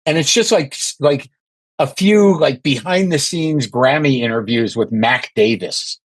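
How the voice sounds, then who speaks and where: A man's voice: mid-range voice, a little slow, slightly rough, no room sound, poor audio. A man in his sixties, a podcast guest, talking in a rambling, self-deprecating way with lots of restarts. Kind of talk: casual podcast chat.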